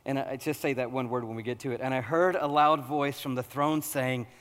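A man preaching a sermon, animated and humorous, working up to loud, excited preaching. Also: mid-range voice, a little fast, smooth, big-room sound. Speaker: pastor.

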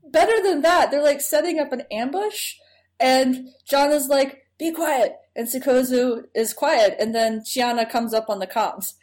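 A woman's voice: sits high, a little slow, darkish tone. A woman co-hosts a podcast and recaps an episode in casual chat. She is enthusiastic and chatty and laughs often. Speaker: podcast co-host.

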